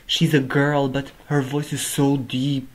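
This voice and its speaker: A man with a mid-range voice reacts to a music performance on his video, speaking a little slowly with a completely flat delivery. Even so, he gushes and exclaims "oh my god" again and again. The audio is poor.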